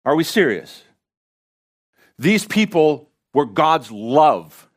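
A man's voice: a little high, very animated, slow pace. A man preaching a sermon to a congregation in a church, impassioned and pressing rhetorical questions on his listeners. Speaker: pastor.

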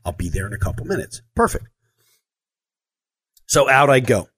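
A man telling a long personal story in a casual monologue, animated and acting out the quoted lines, with frequent fillers and restarts. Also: mid-range voice, moderate pace, husky. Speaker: storyteller recounting a trip.

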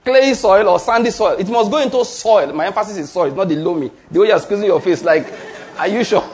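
A man's voice: high-pitched, fairly quick, a faint crowd. A man preaching a sermon to a congregation, quizzing them with call-and-response questions and repeating his points emphatically, with an occasional laugh. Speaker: pastor. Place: church before a congregation.

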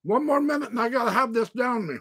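Host chatting w/ mouth full, husky bright voice, super dry close sound. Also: medium pitch, animated, quick pace, no echo. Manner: playful, greets viewers by name, exclaims loudly. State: talking with mouth full while eating. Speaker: livestream host. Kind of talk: casual live-stream chat.

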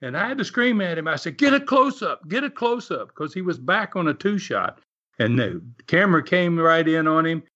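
Animated chuckling man telling a story. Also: mid-range voice. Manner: animated, chuckles often, acts out quotes. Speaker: wrestling promoter and TV producer. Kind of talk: storytelling anecdote. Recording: dull lo-fi recording.

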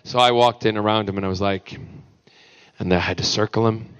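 A man's voice: lowish voice, steady tone, a little fast, clean tone, lo-fi sound. A man, an actor guest on a fan panel, telling playful stories and acting out the quotes in voices. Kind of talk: convention panel storytelling.

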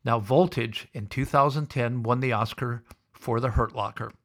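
A man hosting a podcast, telling an anecdote with energy and putting on the voices of the people in it. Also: moderate pace. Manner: acts out the people he quotes with lively pitch jumps. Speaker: podcast host. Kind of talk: animated anecdote storytelling.

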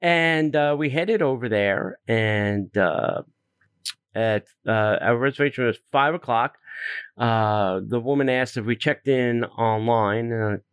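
A man hosts a podcast in relaxed conversation. He tells the story with animated, exasperated asides and plenty of fillers. His voice is smooth and resonant, and the sound is dry and close. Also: medium pitch, slow pace, dry recording. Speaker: podcast host. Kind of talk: casual chat.

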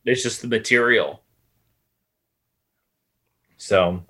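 A man with a bright, crisp voice co-hosting a podcast. He speaks haltingly, with lots of fillers. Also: fairly low pitch. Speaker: podcast co-host. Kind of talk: casual chat.

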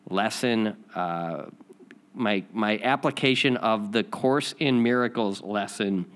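A man's voice: lowish voice, a bit bright. A man hosting a spiritual lesson, telling a rambling personal story with many restarts and repeats before reading.

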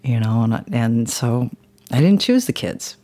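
A woman's voice: very deep voice, animated, moderate pace, warm tone. Woman on a podcast telling her story, earnest and rambly, lots of "you know". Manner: emotional, intense when recalling the crash. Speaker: podcast guest. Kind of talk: personal storytelling in a podcast interview.

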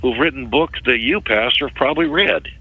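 A middle-aged man, a ministry worker, recounting a story as an interview guest in a halting way, often repeating words. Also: mid-range voice, husky, dry recording, phone-quality sound.

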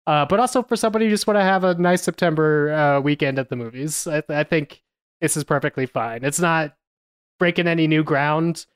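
A man's voice: fairly high pitch, fairly quick, clean tone, no room sound, studio quality. A man co-hosting a podcast, reviewing a film in casual chat with many hesitations and fillers. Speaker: podcast co-host.

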